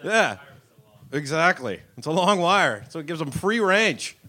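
Man, young, stand-up comic, a bit high-pitched, raunchy storytelling, club stage mic. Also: sing-song, measured pace, bright, forceful tone. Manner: crude, self-mocking storytelling with acted-out voices. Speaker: stand-up comedian. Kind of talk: stand-up set. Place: comedy club stage with live audience.

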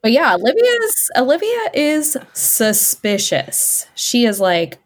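A woman's voice: a little high, huge pitch swings, slow. A woman co-hosting a podcast, reacting to the story with wry jokes and mock outrage. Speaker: podcast co-host. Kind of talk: casual chat.

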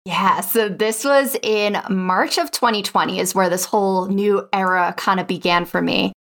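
A young adult woman guest on an interview show, telling her story in a chatty, lively way and filling it with "like.". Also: mid-range voice, moderate pace. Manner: chatty, lively, acts out quotes, says "like" a lot. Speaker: podcast guest, online spreadsheet teacher. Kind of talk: animated personal storytelling.

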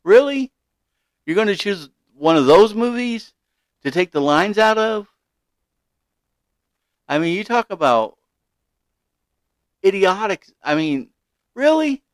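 Male podcast host, opinionated commentary, smooth voice, indignant with stumbling restarts. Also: high voice, big pitch swings, slow, pauses often, dry recording. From Kentucky, USA.

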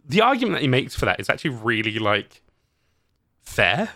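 A man with a mid-range voice chats on his podcast, animated and quick to laugh, with casual swearing. The sound is dry and close, with no room around it. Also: medium pitch, dry recording. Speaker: podcast host. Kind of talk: casual chat.

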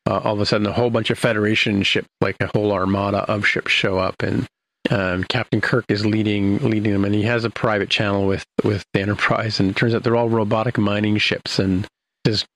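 A man's voice: on the low side, level tone, a little fast, fairly bright tone, low-quality recording. An older man casually recapping a TV episode, rambling with many fillers and restarts.

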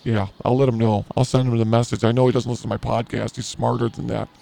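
A man's voice: medium pitch, little pitch movement, fast talker, creaky, warm tone. A man hosting a podcast, telling a crude story in a rambling, self-mocking comedic way. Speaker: podcast host.

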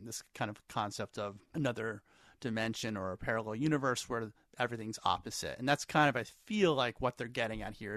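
A man's voice: mid-range voice, fairly bright tone, dry recording, studio quality. Easygoing man co-hosting a podcast. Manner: easygoing and agreeable, builds on his co-host's points. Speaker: podcast co-host. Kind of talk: casual TV recap chat.

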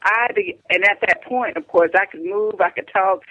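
An older woman speaks as a phone-in guest, earnest and halting, often breaking off to restart a sentence. The line sounds dull and narrow, with a flat, dry quality and no room around her. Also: medium pitch, no echo. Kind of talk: phone-in radio interview. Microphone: telephone.

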